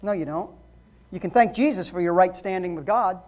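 A woman pastor giving a conversational sermon, asking the congregation questions and building to shouted emphasis. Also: lowish voice, expressive, moderate pace. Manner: conversational preaching with rhetorical questions, rising to shouts.

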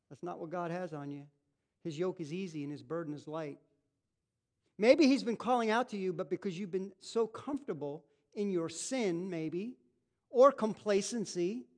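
A middle-aged man preaching a sermon in a church, acting out little everyday scenes in quoted voices. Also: high voice. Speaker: pastor.

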